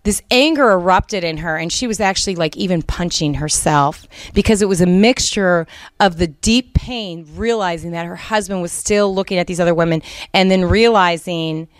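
Middle-aged woman Christian speaker, earnest and chatty, smooth dry voice. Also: lowish voice, normal speed, dry recording. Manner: earnest, conversational, many fillers. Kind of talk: Christian teaching talk.

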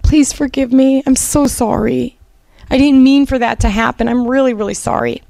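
A man's voice: extremely high pitch, steady tone, normal speed, creaky, darkish tone, dry recording, voice pushed up. A woman voicing a remorseful husband who apologizes over and over in a sheepish, pleading way.

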